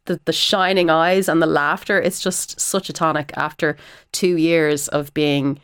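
A woman's voice: deep voice, measured pace, clear, resonant tone. An Irish woman, an actor and former TV presenter, chatting animatedly as an interview guest. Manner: animated and chatty, with frequent fillers. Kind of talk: casual interview chat.

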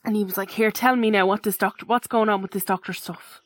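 A woman's voice: medium pitch, fairly even intonation, fast. A woman co-hosting a podcast in casual chat, telling a story animatedly and acting out the dialogue of the people in it. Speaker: podcast co-host.

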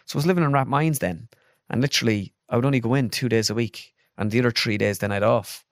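Fast-talking Irish man telling stories. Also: medium pitch, no room sound, clean studio sound. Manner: rambling anecdotal storytelling with many fillers. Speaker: guest, impressionist. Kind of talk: casual podcast interview.

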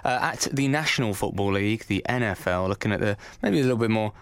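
A man's voice: on the low side, smooth, no room sound. An English man hosting a sports podcast, chatting casually and laughing easily. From England. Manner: chatty, laughs easily, quick run-downs. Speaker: podcast host.

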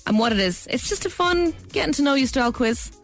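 A woman's voice: sits high, animated, fast. An Irish woman hosting a radio quiz, teasing and giggling, in a studio with music behind her. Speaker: radio host.

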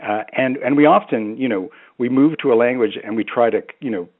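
A man's voice: mid-range voice, a little fast, phone-quality sound. A man speaking as a language expert on a radio phone-in, hesitant with many restarts and fillers.

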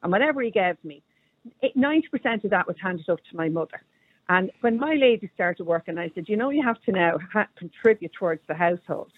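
A woman's voice: medium pitch, lively intonation, fast talker, no room sound. A woman with an Irish accent calling into a radio show, firm and down-to-earth in a matter-of-fact way. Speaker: caller. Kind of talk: phone-in call to a radio show. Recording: tinny phone line.

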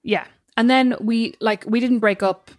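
A woman co-hosting a podcast, chatting in an animated, self-deprecating way. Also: fairly high pitch, measured pace. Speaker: podcast co-host. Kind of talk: casual chat.

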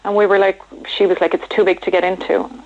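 An Irish woman calling into a radio show, talking hesitantly in a shaky, emotional voice with many pauses. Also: mid-range voice, little pitch movement. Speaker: caller. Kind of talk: phone-in call. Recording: muffled phone line.

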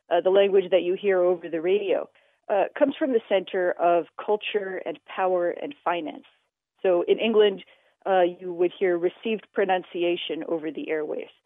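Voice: medium pitch, no room sound. An interview guest explaining language history in a radio interview, talking with many filler sounds. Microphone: telephone. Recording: tinny phone line, dry.

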